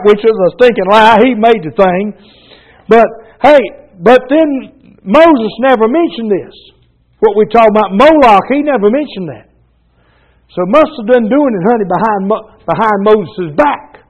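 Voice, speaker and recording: A man's voice: extremely high pitch, animated, moderate pace. A man preaching a sermon to his congregation in a folksy, fervent way, full of colloquial grammar and calls of "Amen". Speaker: pastor. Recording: dull lo-fi recording.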